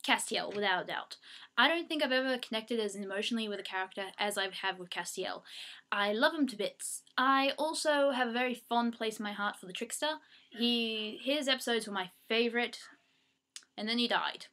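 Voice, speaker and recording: A woman's voice: on the high side, moderate pace, bright, forceful tone. A young Australian woman casually answering fan questions at home into her webcam mic, chatty and self-mocking. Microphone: webcam microphone.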